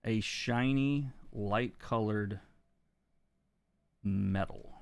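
A man streaming a coloring lesson from his desk, walking viewers through his thinking and answering chat as he goes. His voice is smooth and resonant, and the sound is close and dry with no room echo. He keeps an easy, explanatory manner and chuckles now and then. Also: fairly low pitch, extremely slow. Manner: relaxed, explanatory, laughs between points. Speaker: comic book colorist and teacher. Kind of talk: live-stream art lesson, reading chat.

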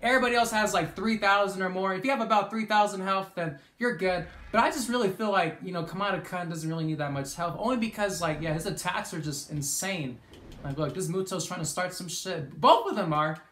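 An excitable gameplay commentator talking casually over a match, swearing freely and shouting at big moments. His mid-pitched voice sits in an echoey room with a faint hiss behind it. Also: brisk. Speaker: gaming commentator.

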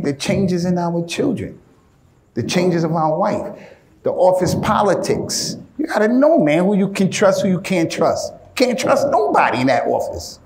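A male preacher giving an informal, animated sermon in casual street slang, often calling his listeners "man". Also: fairly high pitch, reverberant.

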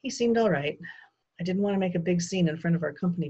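Woman teacher reading aloud, low-pitched and husky, expressive delivery, dull lo-fi recording. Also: quick pace. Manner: expressive storytelling. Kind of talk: reading a children's novel aloud.

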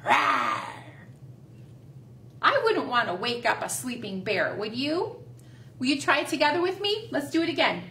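A woman leading a library storytime, reading aloud to young children in a gentle, sing-song, encouraging way. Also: high voice, lively intonation, fairly quick. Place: library room. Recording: echoey room, voice caught from a distance.

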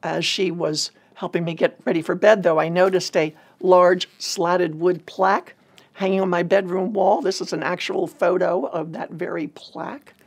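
Woman with a gravelly, husky voice. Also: lowish voice, fairly even intonation. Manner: earnest, measured storytelling. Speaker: ministry leader telling a personal story. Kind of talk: personal testimony talk.

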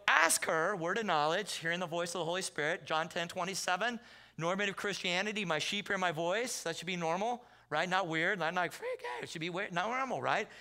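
A man preaching a sermon in a Southern California accent. He tells stories in a loose, conversational way and acts out the quotes in loud bursts. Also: sits high. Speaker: pastor. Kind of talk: sermon with storytelling. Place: church sanctuary.

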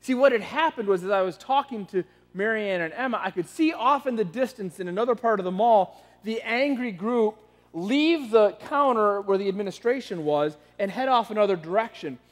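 A man's voice: high-pitched, fairly quick. A man pastor preaching a sermon in a conversational storytelling way, often restarting and repeating words. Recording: long reverb of a large hall.

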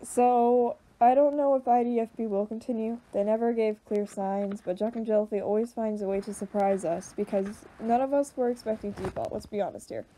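A young woman giving emotional reaction commentary, choked up and halting, with many fillers and restarts. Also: fairly high pitch, mellow, poor audio. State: choked up, voice tearful. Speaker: video reactor.

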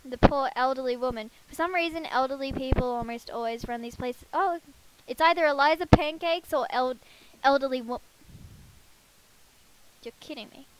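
A woman's voice: sits high, moderate pace, noisy background. A woman giving casual, chatty commentary while playing a life-sim game, talking to her characters and poking fun at herself. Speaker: let's play gamer. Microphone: headset.

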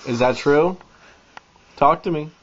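A man's voice: a little high, slow pace. A man co-hosting a comedy chat, asking blunt and crude questions. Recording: dull lo-fi audio with faint noise.

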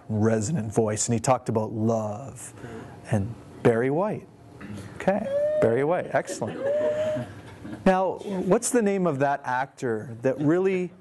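A male communication trainer delivers a lecture on vocal tone. He drops into demonstrations of each kind of voice and tosses questions out to his listeners, pausing as they answer, at a middle pitch for a man. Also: a little mellow, slight background noise. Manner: demonstrative, poses questions to the audience; shifts his voice to show each tonality.

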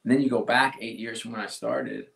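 A man being interviewed as a sports executive, speaking earnestly and haltingly with many restarts. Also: mid-range voice, steady tone, vocal fry, fairly bright tone. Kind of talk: casual interview talk. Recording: roomy echo.

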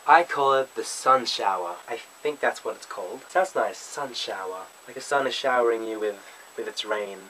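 A man's voice: mid-range voice, animated, moderate pace, hardly any pauses, pushed and bright, slight background noise, poor audio. A young man from Australia with an Australian accent, casually reading a word list and answering questions with playful, self-mocking asides. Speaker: vlogger. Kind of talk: casual accent tag video.

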